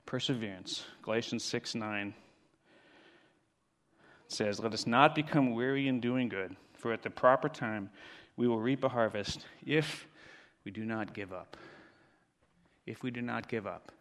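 A man preaching a sermon as pastor, swinging from quiet, intimate lines to loud, dramatic ones. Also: medium pitch, measured pace, long pauses. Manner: dramatic swings from hushed to shouting. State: out of breath.

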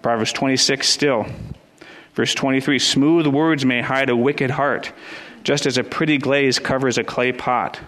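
A man's voice: medium pitch, fairly even intonation, measured pace, a bit bright. A middle-aged man preaching a sermon as pastor, earnest and building to fervent emphasis, with frequent restarts.

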